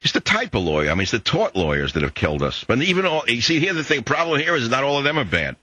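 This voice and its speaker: A man's voice: mid-range voice, sing-song, fast, bright, forceful tone, dry recording. An older man hosting a political talk radio show, lecturing listeners in a combative monologue and telling jokes.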